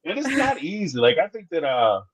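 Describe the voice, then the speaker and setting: A man's voice: fairly high pitch, fairly quick, husky. A man hosting a casual live-stream chat about a reality TV show, telling stories with lots of acted-out dialogue and frequent laughs. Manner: animated storyteller, acts out dialogue, laughs often. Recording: slightly dull lo-fi sound.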